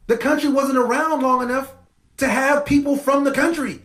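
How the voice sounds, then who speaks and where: A man's voice: extremely high pitch, quick pace, a bit bright, roomy sound, poor audio. A man hosting a podcast, delivering an impassioned commentary monologue with emphatic repetition. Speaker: podcast host.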